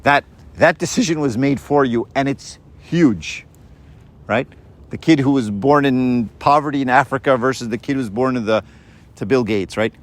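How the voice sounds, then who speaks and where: A man gives an informal, conversational sermon to a group, frequently checking in with "right?" and acting out the voices in his stories. His voice is mid-range and his pace moderate.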